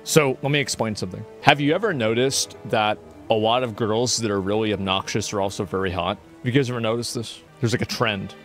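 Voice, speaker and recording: A man's voice: lowish voice, brisk, hardly any pauses, a bit bright, soft background music. A man streaming a casual reaction commentary, rambling and swearing with many fillers as he argues and explains his point of view.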